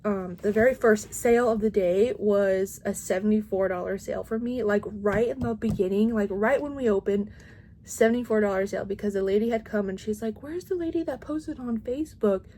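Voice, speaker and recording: A woman's voice: mid-range voice, fairly even intonation, brisk, warm tone, a little hiss or hum. A woman in her thirties, a crochet vlogger, chatting casually at home and rambling with lots of "like" and restarts.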